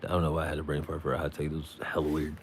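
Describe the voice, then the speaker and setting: A man's voice: extremely low pitch, completely flat delivery, very fast, a little hiss or hum. A man hosting a live stream, telling a rambling story in slangy casual talk, sounding tired. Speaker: livestream host.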